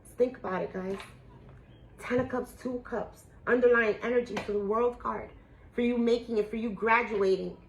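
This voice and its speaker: Woman tarot reader, higher voice, emotional and casual with some swearing, faint background hiss. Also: normal speed, creaky, low-quality recording. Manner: emotional, swinging from excited squeals to hushed awe; casual and profane, addresses viewers as guys. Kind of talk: spiritual tarot reading to viewers.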